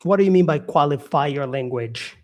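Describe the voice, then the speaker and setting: A man's voice: fairly high pitch, animated, brisk. Brazilian man chatting on a live stream. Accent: Brazilian Portuguese. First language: Portuguese. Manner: chatty, reading out viewer comments, frequent fillers. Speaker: English teacher hosting a live stream. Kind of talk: casual live-stream chat.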